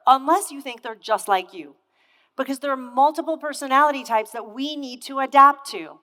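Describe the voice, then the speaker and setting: A woman's voice: high-pitched, moderate pace, sharp tone. A woman in her thirties giving a motivational keynote on stage, telling a story with energy and putting questions straight to the audience. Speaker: keynote speaker. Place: conference hall stage. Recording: echoey hall with long reverb.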